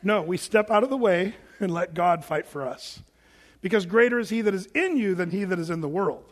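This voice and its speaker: A pastor preaching a sermon in a joking, animated way, acting out quoted voices as he goes. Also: high-pitched, brisk. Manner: jokey, acts out quoted voices; self-described big guy. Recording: long reverb of a large hall.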